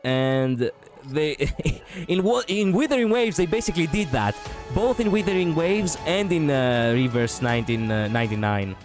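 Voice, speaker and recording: A man's voice: on the high side, moderate pace, soft background music. Rambling, laughing male streamer host. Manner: rambling, animated, laughs often, repeats himself. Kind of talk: casual chat on a livestream.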